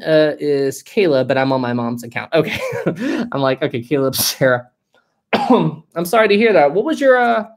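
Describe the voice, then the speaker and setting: A man from West Virginia with a mild West Virginian accent, hosting a casual live-stream chat and answering viewer questions. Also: fairly high pitch. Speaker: history channel host.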